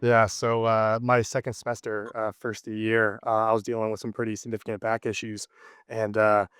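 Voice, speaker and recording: A man's voice: lowish voice, monotone, normal speed, a bit bright, smooth, no room sound, clean studio sound, soft background music. A man in his thirties, the guest in an interview, telling a personal story casually with many fillers and restarts. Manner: rambling, lots of fillers and restarts.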